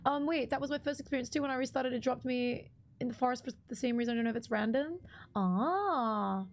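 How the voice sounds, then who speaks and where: Gravelly-voiced woman chatting on a game stream. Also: sits high, brisk. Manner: chatty, greets chat, many ums. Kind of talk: casual live gameplay commentary.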